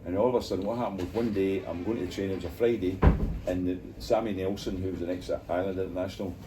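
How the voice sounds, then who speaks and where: An older Scottish man, a former footballer, telling animated stories in an interview and acting out the voices of people he quotes. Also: low voice, rapid-fire. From Scotland. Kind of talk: storytelling interview in a bar. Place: bar. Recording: distant mic, noisy bar.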